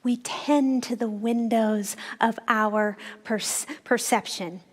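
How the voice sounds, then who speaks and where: A woman's voice: fairly high pitch, steady tone. A woman minister giving a reflective Sunday sermon that unfolds as a story. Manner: reflective, storytelling, with slowed phrases.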